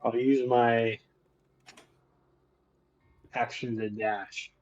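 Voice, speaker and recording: A man's voice: mid-range voice, level tone, drawn-out words, darkish tone, lo-fi sound. A man playing a tabletop game, hesitant and thinking aloud as he decides. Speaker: player.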